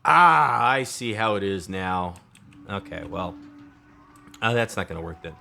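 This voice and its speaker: A man's voice: low voice, unhurried, gravelly, bright, forceful tone, slight background noise. A man in his thirties thinking aloud as he builds in a game, casual and chatty. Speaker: let's play host. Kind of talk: casual gameplay commentary.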